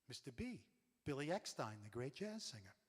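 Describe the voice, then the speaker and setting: A man's voice: mid-range voice, moderate pace, husky, long reverb tail. A man from New York telling wry comic stories in a stage monologue. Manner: animated, wry. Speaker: storyteller.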